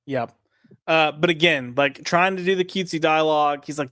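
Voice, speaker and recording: A man's voice: on the high side, moderate pace, a bit bright, no room sound. Sarcastic man co-hosting a comics chat. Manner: sarcastic, mocking reading. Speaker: comic review co-host. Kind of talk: casual chat.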